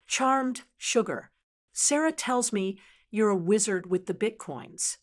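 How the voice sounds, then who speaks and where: A woman putting on a booming Southern widow. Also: lively intonation, slow. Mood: showy. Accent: slight Southern US drawl, put on. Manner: loud, booming, flirtatious. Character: brash wealthy southern widow, older woman.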